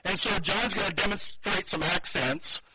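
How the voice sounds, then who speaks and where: A man's voice: sits high, moderate pace, bright, forceful tone. A male pastor preaching a sermon in a conversational, practical way, on a noisy live church mic.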